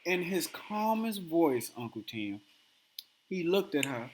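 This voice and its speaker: A man hosting a podcast, telling a story in casual chat and acting out the quotes with animated energy. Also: fairly high pitch, slow pace, noisy background. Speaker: podcast host.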